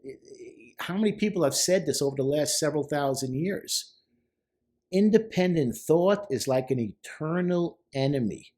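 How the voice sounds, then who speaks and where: A middle-aged man, a therapist, talking casually about song lyrics, stressing points by repeating words. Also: on the high side. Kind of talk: casual commentary.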